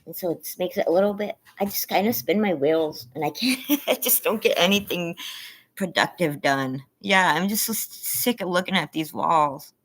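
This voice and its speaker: A woman with a sore throat chatting casually on a livestream from her front yard, soft, weary and apologetic. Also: fairly low pitch, moderate pace. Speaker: livestream host.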